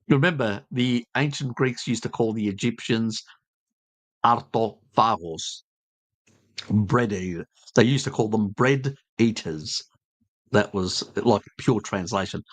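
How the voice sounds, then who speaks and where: A man's voice: on the low side, slow, fairly bright tone, no room sound. An Australian man from Tasmania hosting a live stream, chatting casually with viewers in a blunt, joking, rambling way full of fillers. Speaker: live stream host answering chat.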